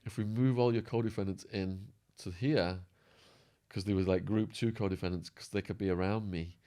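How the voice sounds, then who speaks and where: Male guest, low-ish voice, lively hoarse storytelling, acts out the quotes. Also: moderate pace. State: voice going hoarse. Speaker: podcast guest. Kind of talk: storytelling interview.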